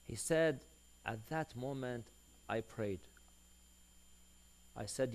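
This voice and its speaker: A man's voice: medium pitch, slow pace, long pauses. A man preaching a sermon, telling a long story and acting out the dialogue of its people. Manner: animated storyteller who acts out quoted dialogue.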